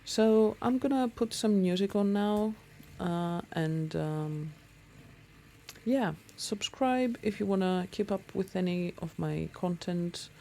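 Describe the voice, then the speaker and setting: A woman's voice: medium pitch, lively intonation, slow, warm tone, slight background noise. A woman talking casually to her viewers while out on a motorbike ride, chatty and rambling with many ums. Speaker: motorcycle vlogger. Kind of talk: casual talk to camera while riding.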